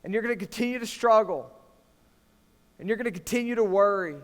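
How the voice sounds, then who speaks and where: High-voiced preacher in a hall. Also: male voice, a little fast, clean tone. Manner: animated preaching, swinging from hushed to loud and emphatic. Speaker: youth pastor. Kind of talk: sermon to students. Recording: long reverb of a large hall.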